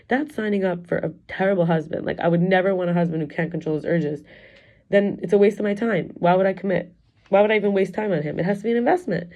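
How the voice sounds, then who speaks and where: A middle-aged woman who works as a wellness coach and teacher looks back on her year in a low, mellow voice, candid and confessional. Her vlog-style talk rambles and restarts, and the sound is lo-fi.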